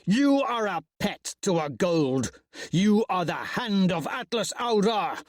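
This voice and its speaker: A man puts on a fierce male warrior hurling a roared accusation at his enemy. The voice climbs high and sharp with fury, set in a dry, close recording. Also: big pitch swings, slow pace, no echo, heavily acted. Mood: furious. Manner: roaring, accusing.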